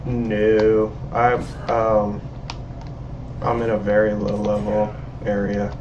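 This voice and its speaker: A man's voice: lowish voice, monotone, takes it slowly, background noise. A man streaming a game and chatting over a voice call, a rambling storyteller who laughs at his own stories. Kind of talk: casual chat. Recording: dull lo-fi call audio.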